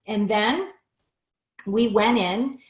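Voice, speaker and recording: Animated storytelling woman, echoey room. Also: mid-range voice, extremely slow. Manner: animated, acts out quoted dialogue. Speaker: interview guest. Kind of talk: personal storytelling in conversation. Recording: roomy echo.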